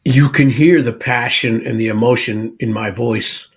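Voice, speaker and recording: A man in his sixties hosting a podcast from his home studio, chatting in a relaxed way and calling his guest bro and dude. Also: mid-range voice, normal speed, breathy edge. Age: 60s. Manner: easygoing, says bro and dude a lot. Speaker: podcast host. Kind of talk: casual chat.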